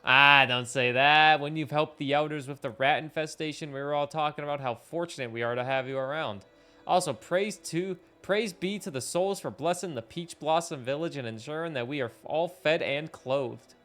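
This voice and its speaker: Brief: man playing a sweet, lifted-voice village girl from a game, caring and eager, soft game music behind. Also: fairly high pitch, moderate pace. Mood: cheerful caring.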